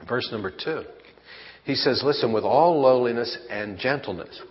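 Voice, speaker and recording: A man's voice: medium pitch, normal speed. A man preaching a sermon as pastor, folksy and conversational, asking his congregation rhetorical questions. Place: church. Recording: lo-fi church hall recording with long reverb.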